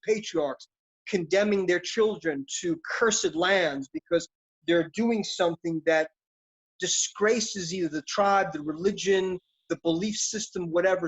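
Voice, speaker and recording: A middle-aged man, an actor, talking in a reflective, philosophical, street-casual way in an interview. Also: high-pitched. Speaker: actor guest. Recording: dull lo-fi sound.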